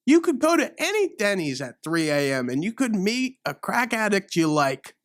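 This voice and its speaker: A man's voice: high-pitched, big pitch swings, measured pace, hardly any pauses, a bit bright, dry recording, studio quality. A man hosting a solo comedy podcast, riffing in a rambling, playfully mock-outraged rant. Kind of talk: solo improvised comic rant.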